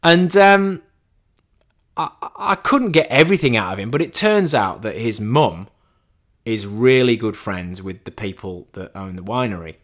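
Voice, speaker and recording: A man telling a casual story as a monologue, animated and chatty, with a self-deprecating tone and frequent restarts. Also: lowish voice, normal speed. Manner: animated, acts out quoted dialogue in a raised voice.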